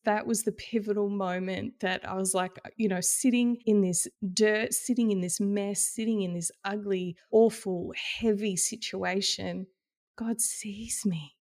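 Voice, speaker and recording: A middle-aged woman, a podcast guest, telling a candid personal faith story with animated, laughing delivery. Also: mid-range voice, measured pace, hardly any pauses. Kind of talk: personal testimony in conversation.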